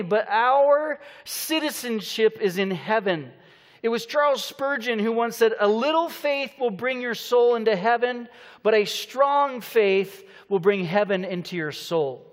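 Guy preaching, jokey storytelling, slows way down on the big points, long church reverb. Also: extremely high pitch. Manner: storytelling with playful banter, slows for emphasis. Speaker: pastor. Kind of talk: sermon. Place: church auditorium.

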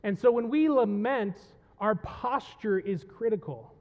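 A male pastor preaching a passionate sermon to his congregation, swinging between quiet reflection and loud pleading. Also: high-pitched, animated, unhurried, in a large hall, lo-fi sound. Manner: impassioned, rising to loud pleading when voicing the psalm. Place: church sanctuary.

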